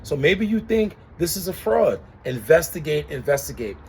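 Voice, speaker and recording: A man's voice: sits high, normal speed, gravelly, a little hiss or hum. A young man telling an exasperated story about an insurance claim in a casual vlog rant, acting out the other people's lines. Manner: animated, exasperated storytelling with acted-out quotes. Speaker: customer reviewing an insurer.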